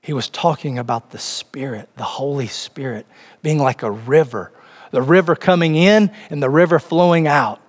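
A man delivering a sermon, his voice sitting a little high for a man. He reads scripture aloud and turns to the congregation with pointed, rising emphasis. A long reverb from the church hall trails after each phrase. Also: normal speed. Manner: preaching with rising emphasis, addressing the congregation directly. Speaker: pastor.

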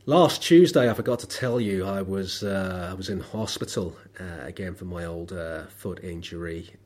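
A low-pitched man with a darkish tone talks at normal speed on his solo podcast, sharing wry, meandering anecdotes about daily life with plenty of ums and uhs while under the weather.

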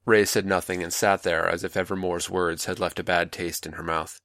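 A man narrating an audiobook in an even, steady storytelling manner, recorded close and dry. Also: deep voice, moderate pace, dry recording. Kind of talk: scripted narration.

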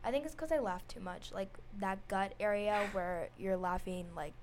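A teenage girl co-hosting a casual chat show, giggly and animated, talking in quick bursts. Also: mid-range voice, background noise. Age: teens. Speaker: co-host.

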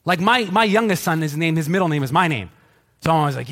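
A man's voice: high-pitched, fairly quick. A middle-aged male pastor preaching a sermon, joking with the congregation and acting out what people say. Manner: animated, joking, acts out quoted voices.

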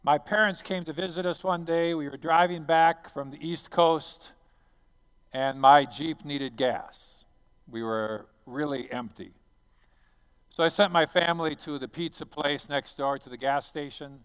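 Man, preacher, fairly high voice, dramatic sermon storytelling, goes from hushed to loud. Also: smooth. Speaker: missionary preacher.

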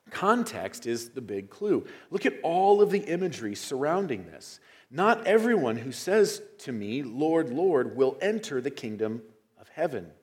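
A man, a pastor, preaching an expository sermon verse by verse, rising in intensity when he quotes scripture. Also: fairly high pitch.

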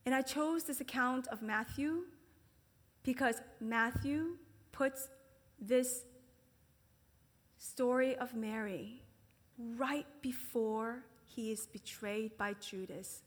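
High-voiced woman preaching in a hall. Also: slow, pauses often. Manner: conversational, acts out quoted voices with big pitch jumps; drops to a whisper for emphasis. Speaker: speaker at a ministry gathering. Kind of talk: sermon. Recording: long hall reverb.

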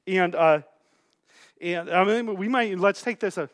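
A man's voice: high voice, unhurried. A middle-aged man preaching a sermon as pastor, casual and joking, often restarting his sentences.

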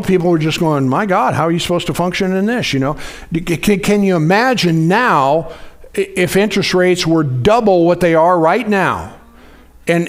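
A man in his sixties preaching a conversational sermon, often restarting phrases and asking the congregation questions. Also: on the high side. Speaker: pastor.

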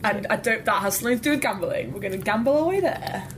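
A woman in casual tabletop game chat, quick and self-mocking, over a noisy recording. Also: medium pitch, expressive.

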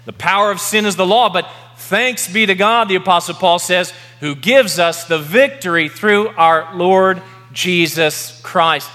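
Pastor guy preaching slow and emphatic, high bright voice, big reverby church. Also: soft background music. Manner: emphatic, repeats key words slowly for effect. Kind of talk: sermon. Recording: long reverb of a large hall.

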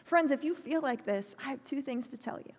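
A woman preaching a sermon in a church, earnest and pastoral, speaking slowly and deliberately. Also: high voice, animated. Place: church hall. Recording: long hall reverb.

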